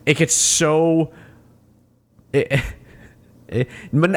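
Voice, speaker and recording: A man in a casual film chat, rambling in an animated and exasperated way. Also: on the high side, very slow.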